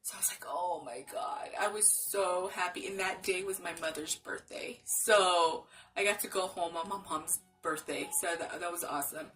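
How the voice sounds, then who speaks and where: A woman's voice: lowish voice, steady tone, moderate pace, few pauses, a bit bright, far from the mic, soft background music, rough recording. A young woman vlogger telling her story in a casual, chatty way and acting out the dialogue she quotes.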